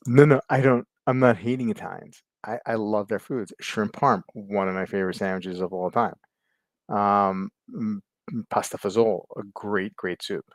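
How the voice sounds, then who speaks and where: A man hosting a casual livestream chat, rambling, laughing often, and filling pauses as he reads viewer comments. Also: lowish voice, no room sound. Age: adult with kids. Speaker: livestream host.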